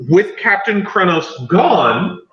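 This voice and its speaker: Male game master, loose filler-heavy narration; bright tone, heavy room echo. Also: high voice, very animated, slow pace, muffled recording.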